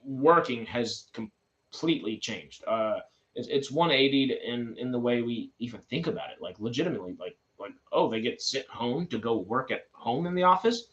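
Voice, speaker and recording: A man's voice: medium pitch, lively intonation, moderate pace, a bit bright, muffled recording. A man in his twenties hosting film news, reading items and then chatting about them with loose asides and restarts. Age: 20s. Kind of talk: casual news commentary.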